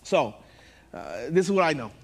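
A young man preaching a sermon to his church as pastor, animated, swinging from hushed asides to loud, excited bursts and laughing at himself. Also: on the high side, moderate pace, gravelly.

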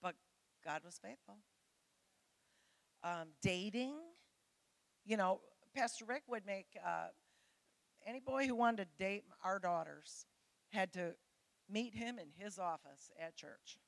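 A middle-aged woman gives a conversational sermon to her church, speaking as a pastor's wife. Her voice sits in a middle pitch, and her manner is chatty and candid as she shares family stories with the congregation. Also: takes it slowly, vocal fry, long pauses.

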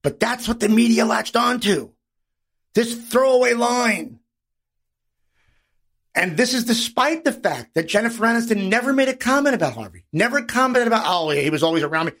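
A man's voice: extremely high pitch, normal speed. A man hosting a podcast, telling stories in a casual, profanity-laced monologue and acting out the people he quotes. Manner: animated storytelling, acts out quoted voices. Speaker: podcast host.

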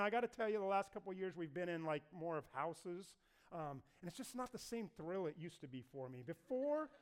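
A man preaching a sermon to a congregation. He tells the story in a lively way and acts out the voices of the figures. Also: high voice, smooth. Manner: animated storyteller acting out voices. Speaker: pastor.

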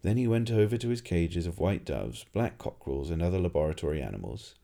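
A man reading a humorous fantasy story aloud as narrator, in a dry, lively storytelling manner. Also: sits low, a little fast, creaky. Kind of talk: audiobook reading.

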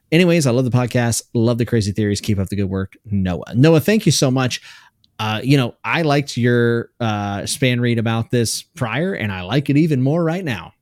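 A man co-hosting a casual podcast, relaxed, reading out listener mail. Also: medium pitch, normal speed, no echo, studio quality. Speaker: podcast co-host.

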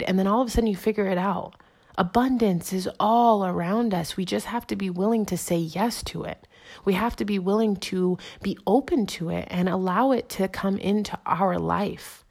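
A woman giving an earnest, encouraging motivational talk, repeating affirmations and slowing down for emphasis. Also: medium pitch, a little mellow. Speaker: motivational speaker. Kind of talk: inspirational monologue.

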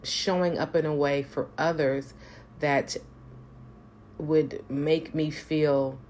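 Low-voiced woman, earnest spiritual talk. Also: steady tone, takes it slowly, a little mellow, a little hiss or hum. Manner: earnest, emphatic, swears for emphasis. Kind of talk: personal reflective talk to camera.

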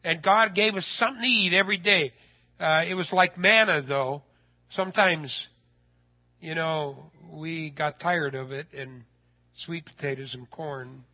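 A man telling a personal story in a sermon, folksy and animated, his voice rising when he gets excited. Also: fairly high pitch, a little slow, highs cut off.

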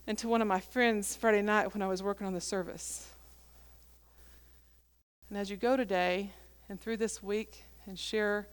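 A woman's voice: mid-range voice, clear, resonant tone. A woman pastor preaching a sermon, telling a story and acting out the dialogue.

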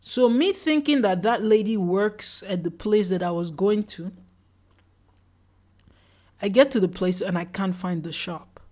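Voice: medium pitch, a little slow, long pauses, a little mellow. A podcast host casually telling a story about their day, chatty, with many fillers and acted-out quotes of other people.

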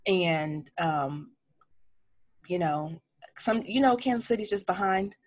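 A woman's voice: lowish voice, takes it slowly. A woman of forty, a chef, telling stories frankly in a casual interview and acting out what people said. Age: 40s. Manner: frank, animated storytelling with acted-out quotes. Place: home office lined with cookbooks.

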